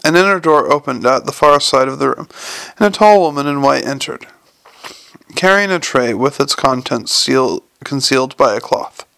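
A man narrating an audiobook in a measured, wry storytelling manner. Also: mid-range voice, animated, vocal fry, sharp tone, no room sound. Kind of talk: scripted narration.

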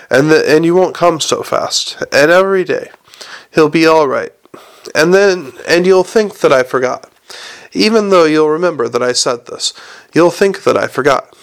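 A man's voice: a little high, clean tone. A man doing a cruel teenage bully. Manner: mocking, menacing.

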